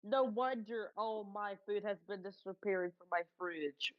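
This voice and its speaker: A woman's voice: mid-range voice, moderate pace, no echo, dull audio. A woman on a voice call with a streamer, bantering and teasing in a playful way. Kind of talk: casual voice chat banter.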